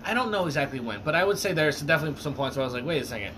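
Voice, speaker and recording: A man's voice: fairly high pitch, expressive, racing, a crowd in the background, rough recording. Rambling, profane man from Alaska. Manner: rambling, profane, many fillers and restarts. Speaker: podcast co-host. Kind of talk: casual podcast chat.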